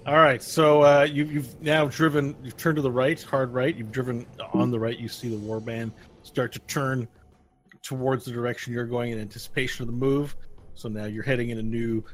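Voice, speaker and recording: GM narrator, male, mid-pitched, rambling scene descriptions with lots of restarts. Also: level tone, moderate pace, low-quality recording. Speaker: game master. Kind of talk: narrating a tabletop game.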